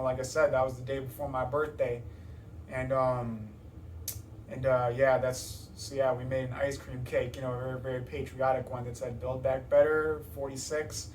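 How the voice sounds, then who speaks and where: A man's voice: mid-range voice, slight background noise. A young man in an interview, talking casually and rambling with many fillers and restarts. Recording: roomy, distant mic.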